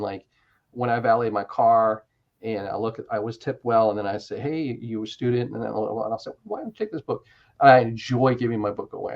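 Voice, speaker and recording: A man telling stories in a casual interview, animated, with quick restarts and asides. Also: medium pitch, muffled recording. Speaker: interview guest, author.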